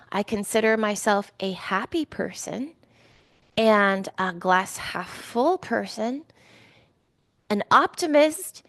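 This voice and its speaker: A woman's voice: mid-range voice, vocal fry, dry recording, clean studio sound. A middle-aged woman giving a weekly card reading, talking in a chatty, emotional way with many fillers and restarts. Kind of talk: casual spiritual talk.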